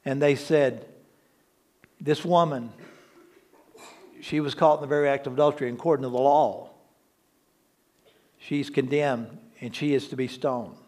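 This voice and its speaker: A man's voice: mid-range voice, steady tone, normal speed, long pauses, darkish tone. A man, lead pastor of a church, preaching an emphatic, conversational sermon that repeats key words for stress and adds humorous asides.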